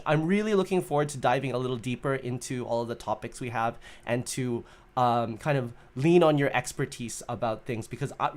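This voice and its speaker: A man hosting a casual livestream chat, upbeat and chatty, often laughing. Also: medium pitch. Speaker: livestream host.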